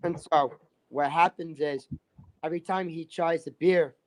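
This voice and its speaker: A man's voice: on the high side, fairly even intonation, unhurried. A man telling a rambling story in casual chat, restarting phrases and filling with "like". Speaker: livestream guest.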